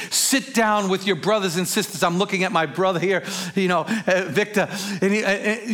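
A man preaching a sermon as pastor, swinging between hushed, intimate lines and sudden shouted exclamations, with casual storytelling asides. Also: sits high.

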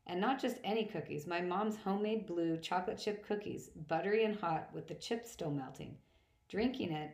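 Woman narrating, low voice, roomy echo. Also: gravelly. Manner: plain, steady reading with small restarts. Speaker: audiobook reader. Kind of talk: first-person novel narration.

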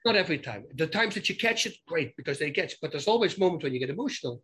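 A man with a fairly high, bright, forceful voice tells stories in a relaxed conversation. He is animated and often restarts his sentences or repeats words as he goes. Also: rapid-fire, husky. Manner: animated, acts out both sides of conversations. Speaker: guest telling stories. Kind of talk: casual conversational storytelling.

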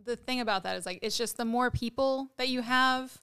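A woman's voice: fairly high pitch, fairly quick, a bit bright, clean tone. A woman co-hosting a podcast in casual chat, hesitant and full of fillers. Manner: hesitant, filler-heavy, trailing off. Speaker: podcast co-host.

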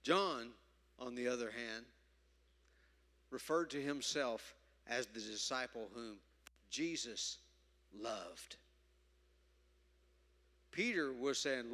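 A man preaching a sermon, emphatic, moving from loud stresses to quiet asides. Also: mid-range voice, expressive, takes it slowly, long pauses. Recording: reverberant hall.

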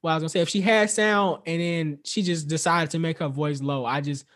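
Young guy on a podcast, kinda high voice, animated, swears a lot telling stories. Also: fairly quick. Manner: animated storytelling with swearing and quoted asides. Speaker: podcast co-host. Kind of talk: casual chat.

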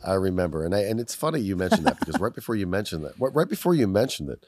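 Rambly guy on a chat podcast, low voice that swings up and down a lot, swears, dry sound. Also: very animated, rapid-fire, darkish tone, dry recording. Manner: rambling, apologetic, laughs often, swears. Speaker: podcast co-host. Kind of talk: casual chat. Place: Los Angeles, recording over video call.

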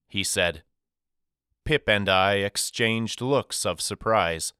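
Crisp-voiced male audiobook narrator. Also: fairly low pitch, no room sound, clean studio sound. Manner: measured, expressive storytelling. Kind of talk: first-person audiobook narration.

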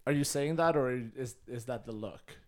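A man's voice: medium pitch, normal speed, a little mellow. A man running a tabletop game as game master, laughing often in an easygoing way.

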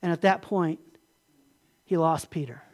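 A man's voice: fairly high pitch, a little slow, darkish tone. A man delivering an emphatic sermon as a pastor, often asking his listeners questions. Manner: emphatic, asks the congregation questions.

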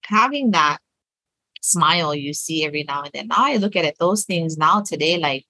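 A woman's voice: low-pitched, lively intonation, moderate pace, sharp tone, no room sound, rough recording. A woman talking casually as a guest, earnest and encouraging. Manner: earnest and encouraging, with fillers and restarts. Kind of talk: casual conversation.

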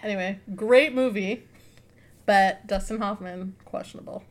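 A woman co-hosting a casual chat in a lively, playful way. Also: medium pitch, moderate pace.

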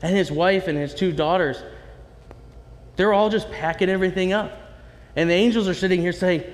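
A man delivers a sermon in a chatty, animated style and often turns to the congregation with asides. His voice sits a little high for a man. The sound carries the long reverb of a large hall. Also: fairly quick. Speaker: pastor.

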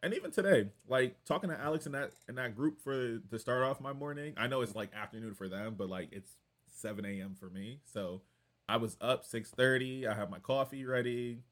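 A young American man hosting a casual recap podcast, animated and playful, laughing often. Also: mid-range voice, a little fast. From United States. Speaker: podcast host.

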